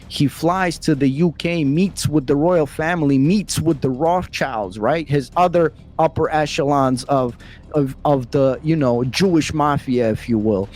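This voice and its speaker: A man's voice: on the high side, darkish tone. A man hosting a reaction video in heated, slangy, rambling casual commentary. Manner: slangy, heated and rambling, full of "bro" and "freaking".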